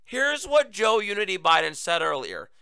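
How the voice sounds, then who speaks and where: A man's voice: high voice, very animated, normal speed, vocal fry, pushed and bright, clear, resonant tone, no echo. A man hosting a political talk show, delivering a sarcastic, mocking monologue. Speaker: host.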